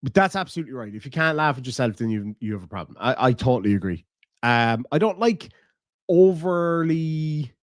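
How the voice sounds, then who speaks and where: A man's voice: mid-range voice, no echo, studio quality. Blunt, swearing Irish man. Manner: blunt, profane, laughs easily. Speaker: streamer host reading chat. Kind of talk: casual live-stream commentary.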